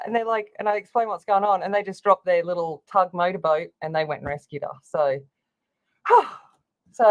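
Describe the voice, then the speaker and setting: A woman's voice: medium pitch, muffled recording. A woman hosting a livestream from her home craft room, chatting casually with lots of fillers and sounding a little out of breath. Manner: chatty, rambling, with many fillers. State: slightly out of breath. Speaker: livestream host.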